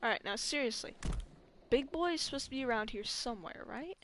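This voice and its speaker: Lisping young woman gaming, lively pitch. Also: brisk, a little hiss or hum. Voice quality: slight lisp from braces. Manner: chatty, swears when frustrated. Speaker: gaming streamer. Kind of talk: casual gameplay commentary. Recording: music playing behind.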